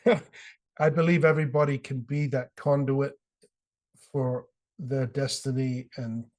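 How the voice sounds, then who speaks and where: A middle-aged man with a British accent, talking as a podcast guest. He tells his story with passion, often slipping into voices for quotes, at an ordinary pitch for a man. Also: steady tone, measured pace, a little mellow. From Britain. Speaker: author guest. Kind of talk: podcast interview.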